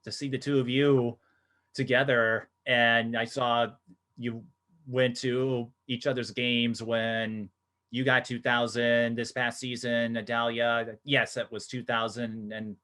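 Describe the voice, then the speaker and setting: A man's voice: mid-range voice, flat delivery, slow, sharp tone. A middle-aged man interviewing young athletes in a casual, teasing way, laughing often. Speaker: sportscaster and interviewer. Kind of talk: casual video-call interview.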